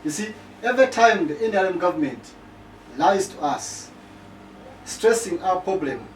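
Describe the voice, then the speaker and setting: Man, higher register, lecturing style, recorded distant in a reverberant room with faint background noise. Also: animated, a little slow. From Uganda. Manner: repeats "okay?" to check listeners follow, works figures out aloud. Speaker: political commentator. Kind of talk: explanatory talk to camera. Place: living in South Africa.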